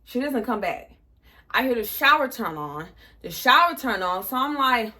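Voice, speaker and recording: Young female vlogger, twenties, crisp bright tone, casual profane storytelling. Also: fairly high pitch, moderate pace. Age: 20s. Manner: animated, profane, acts out quotes.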